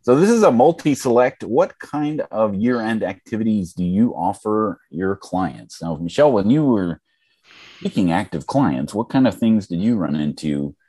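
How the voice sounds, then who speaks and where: A man with a very low voice hosts a live training webinar in a relaxed, casual manner. He speaks into a computer mic on a video call, and the sound is dry with no room echo. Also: moderate pace, breathy edge. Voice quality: casual, lots of fillers and restarts. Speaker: webinar host.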